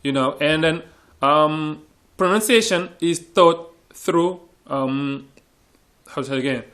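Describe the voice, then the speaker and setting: A man's voice: fairly high pitch, takes it slowly, a bit bright. A man from Senegal, an English teacher talking earnestly in a panel discussion and often repeating words as he searches for phrasing.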